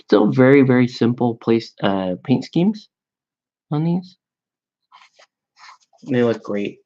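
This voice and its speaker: A man's voice: mid-range voice, expressive, dark tone. A man chatting casually and rambling with amusement as he paints miniatures at his hobby desk. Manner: slow, rambling, self-amused. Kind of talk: casual chat while painting. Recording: dull lo-fi sound.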